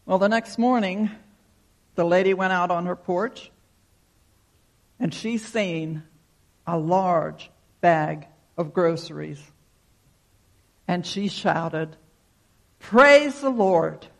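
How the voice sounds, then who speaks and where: A man's voice: high-pitched, steady tone, slow pace, creaky, pauses often. A man preaching a sermon, telling a folksy story and leading a prayer. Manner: folksy storytelling, acts out shouted quotes. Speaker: pastor.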